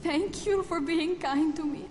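A frightened mother in a video game, worn out and fragile. Her voice is very high and trembles, and a faint hiss sits under it. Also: a little slow, a little mellow. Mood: fearful. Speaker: game character. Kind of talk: game cutscene dialogue.

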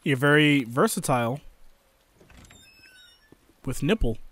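A young man giving excitable, jokey let's play commentary, talking to his viewers. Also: mid-range voice, slow, no room sound. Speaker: gaming YouTuber.

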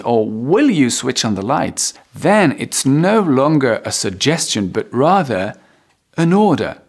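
Relaxed French-speaking male English tutor. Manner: relaxed, hesitant with frequent ums and restarts; lifts pitch high when acting out example phrases. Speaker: English teacher. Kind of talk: casual video lesson.

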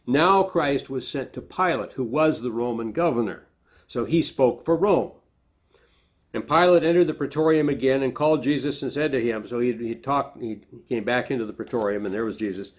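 A middle-aged man preaching a sermon at a medium pitch. He talks earnestly and often stops to correct himself mid-sentence. When he quotes a speaker, his voice rises. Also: moderate pace. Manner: earnest, self-correcting, animated when quoting. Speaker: pastor.

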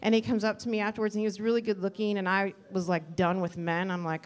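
A woman's voice: mid-range voice, level tone, quick pace, hardly any pauses. A middle-aged woman doing a stand-up comedy set on a club stage, rambling and self-deprecating, acting out quotes. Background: audience laughter.

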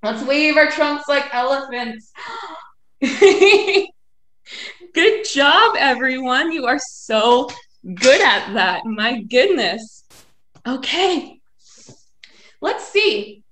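A woman, a children's librarian, leading a live video session for kids with animated chants, songs and movement games. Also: sits high, drawn-out words, long pauses, a little hiss or hum. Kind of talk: kids' story and activity time. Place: home, live video stream. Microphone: video call. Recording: echoey room.

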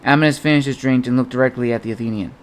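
A man narrating an adventure novel as an audiobook in a steady storytelling manner. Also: mid-range voice, rapid-fire, a little hiss or hum.

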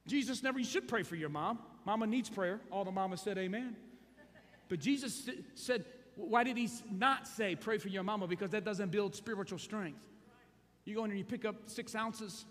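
Fervent high-voiced pastor preaching in a hall. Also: male voice, brisk. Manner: fervent, swings from hushed storytelling to shouting. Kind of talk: sermon. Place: large church hall. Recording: echoey hall.

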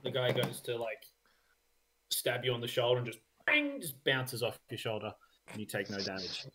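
Relaxed man running a tabletop game. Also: mid-range voice, normal speed. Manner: relaxed, hesitant with many ums. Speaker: dungeon master. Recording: faint background noise with clicks.

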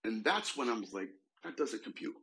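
Male demonologist guest, animated storyteller, lively pitch, acts out the quotes. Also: fairly quick, vocal fry, low-quality recording. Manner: animated, retells a case with quoted voices. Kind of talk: storytelling in a podcast interview.

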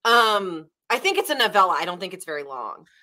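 A young Southern-accented woman from Nashville, Tennessee, hosts a casual book club chat, retelling a story in a rambling way full of fillers. Her medium-pitched voice is very animated, fairly quick, and sharp-toned.

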